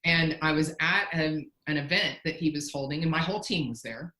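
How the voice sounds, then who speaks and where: A woman's voice: deep voice, a little fast, pushed and bright, reverberant, low-quality recording. A woman, a company founder, telling a candid, self-deprecating story in a casual interview, often restarting her sentences.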